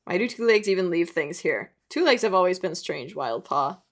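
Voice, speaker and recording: A woman voicing a young warrior cat in a lowered, earnest tone, reading a comic's dialogue aloud. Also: lively intonation, moderate pace. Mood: puzzled.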